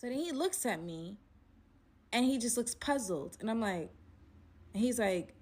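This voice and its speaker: A young adult woman casually narrating a personal story to her viewers, animated and chatty, calling them "y'all" and leaning on "like". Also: fairly high pitch, unhurried, a little hiss or hum. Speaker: storytelling vlogger.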